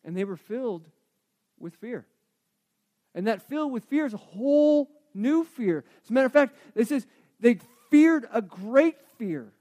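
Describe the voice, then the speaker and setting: Male pastor with a very high voice, conversational sermon, hushed asides and loud emphatic points. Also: expressive, normal speed. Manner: conversational, repeats words and restarts.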